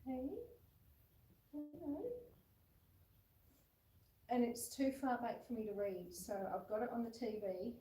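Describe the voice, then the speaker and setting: A woman hosts a homestead livestream from indoors at home, seated with a puppy on her lap. She speaks slowly in a mellow, fairly high voice with long pauses, chatting casually, reading viewer comments aloud and cooing at the puppy. The phone camera sits far back, giving a roomy, distant sound with a little hiss or hum.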